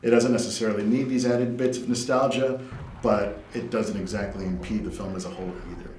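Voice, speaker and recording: Articulate low-voiced man reviewing films. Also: fairly even intonation, darkish tone. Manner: articulate, measured. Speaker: podcast co-host, film reviewer. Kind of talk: film review and casual chat. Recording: echoey room with faint noise.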